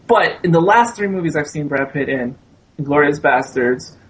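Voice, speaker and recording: A man's voice: fairly high pitch, expressive, normal speed. A man co-hosting a casual chat about films, enthusiastic and effusive.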